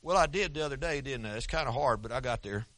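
A man preaching a sermon in a folksy, conversational way with an Oklahoma accent, talking quickly with frequent restarts. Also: mid-range voice, expressive, fairly bright tone, no room sound. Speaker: pastor.

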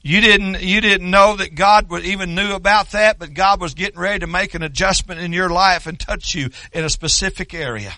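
Older man from Oklahoma, preacher. High, raspy, piercing tone, dry close sound. Folksy storyteller who works up to shouting. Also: brisk, few pauses, no echo. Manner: rambling folksy asides, building to loud shouting. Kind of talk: sermon.

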